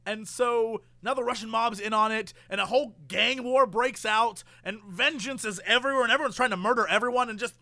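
A man's voice: very high voice, a little fast, few pauses, no room sound. A man in casual chat, animatedly retelling a movie plot and acting out the characters' lines. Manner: animated storyteller, acts out quotes.

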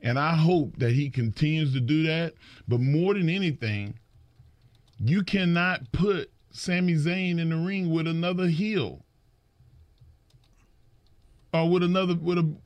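A middle-aged man in a casual chat about wrestling, telling animated stories and acting out quotes, often repeating words as he starts. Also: on the high side, unhurried, pauses often, no room sound, dull audio. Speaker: wrestling podcast co-host.

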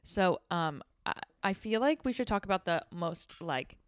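A woman's voice: on the low side, smooth, no echo, clean studio sound. A woman co-hosting a podcast, talking casually and chiming in often. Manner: animated, quick to chime in. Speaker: podcast co-host. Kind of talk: casual chat.

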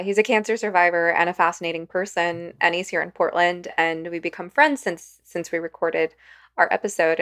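Thoughtful woman podcast host, low voice. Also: a bit bright, clear, resonant tone. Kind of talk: casual interview conversation.

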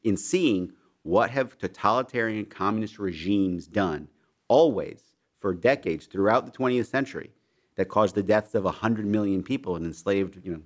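Young man, very deep voice, interview guest, earnest, frequent restarts. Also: normal speed. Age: young adult. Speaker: foundation leader, guest. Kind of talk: interview discussion.

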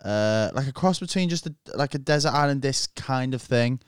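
A British man, a musician guest on a podcast, talking in a low-key, hesitant way. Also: expressive, moderate pace, clean tone, dry recording, studio quality. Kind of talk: casual chat.

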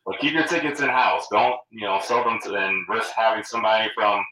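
A middle-aged man talks casually as a show guest, pausing often with ums and restarting his sentences. His low voice has a bright, forceful edge. He sounds set back from the mic in a roomy space. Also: slight background noise. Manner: hesitant, many ums and restarts. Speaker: guest super fan. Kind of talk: casual chat. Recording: roomy echo, distant from the mic.

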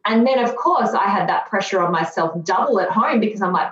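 A woman's voice: mid-range voice, animated, a little fast, hardly any pauses, a bit bright. A woman in her thirties, a guest telling her own story candidly, reflective and earnest with flashes of self-mocking sarcasm. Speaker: podcast guest. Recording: dull, roomy lo-fi recording.

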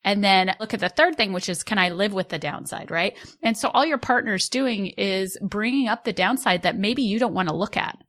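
A woman co-hosting a podcast, thoughtfully building on her guest's points in relaxed conversation. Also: medium pitch, moderate pace, few pauses. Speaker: podcast co-host.

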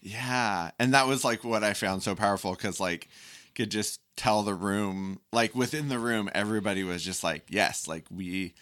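Low-voiced man co-hosting an interview. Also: fairly bright tone, no echo, studio quality. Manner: supportive listener, halting when making points. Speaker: podcast co-host. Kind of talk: casual interview chat.

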